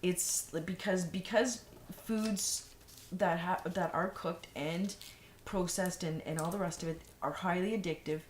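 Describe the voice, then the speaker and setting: A woman's voice: lowish voice, fairly even intonation, unhurried. A woman vlogger giving frank, rambling advice in a casual monologue, full of fillers and restarts. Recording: echoey room, faint noise.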